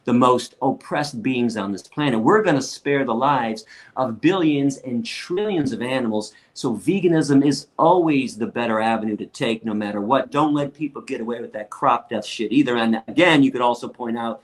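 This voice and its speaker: A man's voice: mid-range voice, moderate pace. A middle-aged man telling stories in an interview, blunt and profane, acting out other people's lines as he goes. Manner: blunt, profane, fired-up, acts out quotes. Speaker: guest lecturer and activist. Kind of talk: animated interview storytelling.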